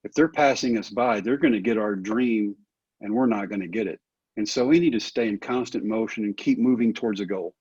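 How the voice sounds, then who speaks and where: A man's voice: on the low side, fairly quick, darkish tone, breathy edge, no echo, muffled recording. A middle-aged man telling stories earnestly in a folksy, conversational way as an interview guest. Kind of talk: storytelling interview answer.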